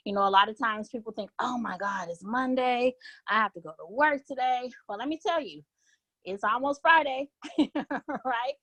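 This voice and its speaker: A woman's voice: a little high, a bit bright, no room sound, rough recording. A woman training travel agents, talking informally and cheerfully on a conference call, often checking in with "okay?". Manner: upbeat, chatty, often tags "okay?". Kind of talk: informal presentation on a group call. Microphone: laptop or phone on a conference line.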